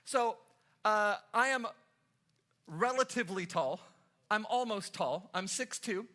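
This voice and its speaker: Taking it slowly, a Los Angeles-area pastor preaches to his congregation in a high, expressive voice with a sharp edge. His sermon is full of stories and lighthearted teasing of the people in the pews.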